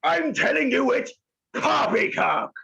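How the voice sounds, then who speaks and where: High anxious man, rising lilt. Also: big pitch swings, slow, vocal fry, bright, forceful tone, highs cut off. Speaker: improv player. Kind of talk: improvised comedy scene.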